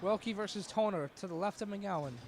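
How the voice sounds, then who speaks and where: High-voiced man calling hockey play-by-play. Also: a little hiss or hum. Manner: rapid, excitable, rising to shouts on chances. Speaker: play-by-play commentator. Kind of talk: live hockey play-by-play commentary.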